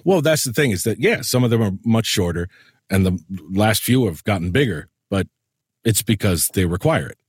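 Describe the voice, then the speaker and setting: A man's voice: on the low side, expressive, moderate pace, husky, dry recording, clean studio sound. A man hosting a podcast in casual chat, a trained voice-over reader who talks loosely and laughs often. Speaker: podcast host and audiobook narrator.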